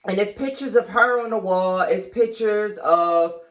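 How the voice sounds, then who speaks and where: A woman's voice: mid-range voice, a little slow. A young woman vlogger telling a storytime in a chatty, confiding way, retelling events dramatically and calling her viewers girl and baby. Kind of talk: storytime vlog.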